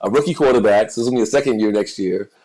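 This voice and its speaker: A man's voice: fairly low pitch, rapid-fire, a little mellow, low-quality recording. A man co-hosting a podcast, chatting casually about football and celebrity news, often repeating words as he searches for what to say. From United States. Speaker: podcast co-host. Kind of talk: casual chat.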